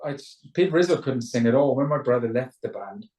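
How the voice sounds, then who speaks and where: A Welsh man talks over a video call, loose and rambling, stumbling through restarts as he explains things. His voice sounds roomy and set back from the mic, middle-pitched and unforced. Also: lively intonation, fairly quick, warm tone, far from the mic. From Wales. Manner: chatty, rambling, stammers into restarts, mimics voices. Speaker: rock singer, interview guest. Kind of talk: casual video call interview.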